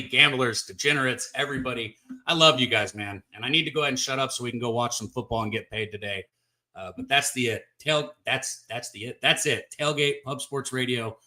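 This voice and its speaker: Man from Texas, sports betting host, casual and upbeat, bright tone, mid pitch. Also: a little fast. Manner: upbeat, chatty, talks straight to viewers. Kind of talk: casual live-stream sports talk.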